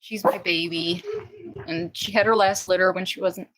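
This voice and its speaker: A woman chats casually on a live stream from her home, loose and rambling, full of fillers and quick restarts. She talks like a dog breeder hosting for her viewers. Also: steady tone, fairly bright tone, rough recording. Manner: chatty, coos in high baby talk to puppies. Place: indoors at home.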